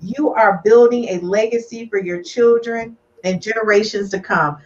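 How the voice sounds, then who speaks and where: A woman's voice: fairly high pitch, normal speed. A woman hosting a live relationship podcast, talking in an emphatic, preachy way. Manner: emphatic, preachy, repeats "do you hear me" and "I'm gonna tell you right now". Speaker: podcast host. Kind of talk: casual live podcast chat. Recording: distant, slightly muffled sound.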